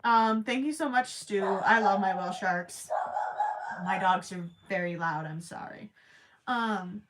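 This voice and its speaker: A woman's voice: medium pitch, measured pace, fairly bright tone, a little hiss or hum. A woman chatting casually with her viewers while she crochets, rambling with plenty of ums and self-deprecating asides. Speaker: crochet livestream host.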